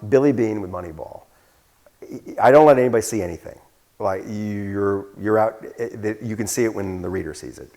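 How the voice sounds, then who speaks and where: Gravelly man telling a rambling story. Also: lowish voice, warm tone. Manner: rambling storyteller with many restarts. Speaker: author answering questions. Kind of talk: live onstage conversation.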